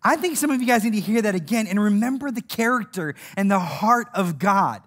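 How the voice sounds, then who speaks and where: Speaking a little fast in a high voice, a man delivers a lively, humorous sermon. He laughs through his stories and performs the voices he's quoting.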